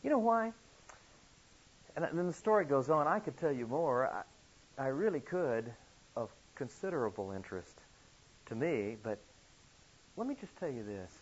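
Male preacher, husky tone, earnest storytelling sermon with emphatic peaks, dull lo-fi recording. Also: mid-range voice, very animated, moderate pace, long pauses.

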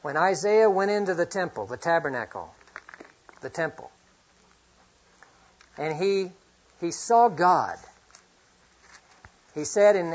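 A middle-aged man preaching a sermon, earnest, reading scripture often and swinging from loud to hushed. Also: high-pitched. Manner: reads scripture aloud often. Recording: dull lo-fi recording.

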